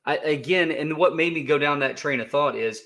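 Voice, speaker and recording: A man's voice: a little high, a little fast, a bit bright. A man co-hosting a livestream, chatting casually in a joking, rambling way with many restarts. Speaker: co-host of a crypto livestream.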